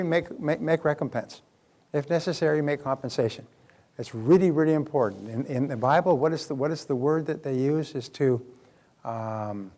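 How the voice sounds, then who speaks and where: A man's voice: a little high, darkish tone. An older man giving a motivational seminar talk, earnest and conversational, often putting questions to the audience. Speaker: seminar speaker. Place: live seminar before an audience.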